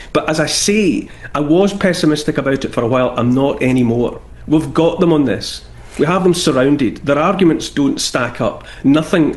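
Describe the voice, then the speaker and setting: A Scottish man appearing as a TV guest, arguing his point firmly and emphatically, repeating phrases for force. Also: medium pitch. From Britain. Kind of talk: earnest political argument.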